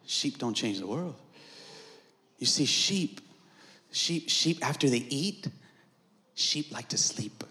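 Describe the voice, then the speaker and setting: A male pastor preaching a call-and-response sermon at an outdoor patio service, swinging between shouts and hushed lines. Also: mid-range voice, animated, takes it slowly, pauses often, a little hiss or hum.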